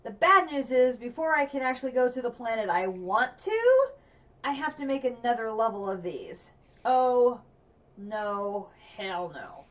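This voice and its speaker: A woman's voice: fairly high pitch, very animated, measured pace, recorded from a distance. A woman streamer commenting on a game as she plays, thinking aloud and chatting to herself. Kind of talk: gameplay livestream commentary.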